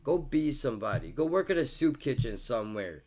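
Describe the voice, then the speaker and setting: A man in a profane, heated monologue who keeps saying bro and dude, dropping to mutters and then bursting out loud. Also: big pitch swings, a little fast, slight background noise. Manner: swings from muttering low to loud outbursts. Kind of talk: ranting monologue to camera.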